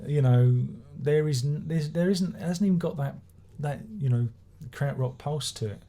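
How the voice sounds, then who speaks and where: A man's voice: fairly high pitch, moderate pace, dark tone. A man giving a rambling, sardonic album review, swearing and restarting his sentences as he goes. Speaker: music reviewer. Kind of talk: casual spoken album review.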